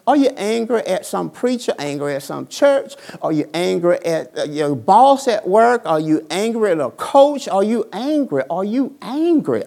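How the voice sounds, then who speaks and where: A pastor delivers a sermon from a church pulpit. His voice carries a gravelly edge. He leans on call-and-response, asking the same question over and over. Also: medium pitch, a little mellow. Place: church sanctuary.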